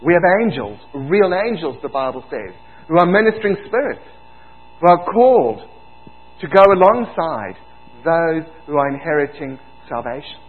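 A man's voice: fairly high pitch, sing-song, normal speed. A man with a South African accent preaching a sermon as pastor, earnest and building to emphatic exclamations. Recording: tinny phone-like sound.

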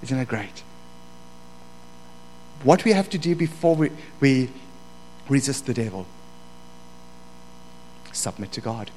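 A middle-aged man preaching a sermon, moving from quiet asides to loud, fervent passages. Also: medium pitch, sing-song, slow pace, pauses often, poor audio. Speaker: pastor. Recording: faint mains hum.

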